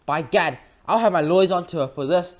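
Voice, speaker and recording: A reader voicing a pompous, blustering rich father who shouts his outrage in a high, loud voice. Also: animated, fast, lightly acted. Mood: indignant.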